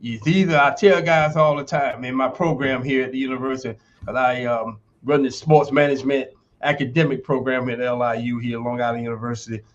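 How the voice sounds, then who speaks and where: A man's voice: medium pitch, steady tone, brisk, lo-fi sound. A man in his sixties, a retired athlete telling stories in an interview, emphatic and folksy like a motivational coach. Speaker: guest, retired football player and university lecturer. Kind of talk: podcast interview storytelling.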